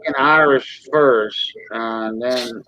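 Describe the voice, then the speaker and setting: A man's voice: mid-range voice, pushed and bright. A man in his fifties chatting hesitantly on a dry, dull-sounding microphone. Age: 50s. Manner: slow, hesitant. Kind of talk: casual group chat.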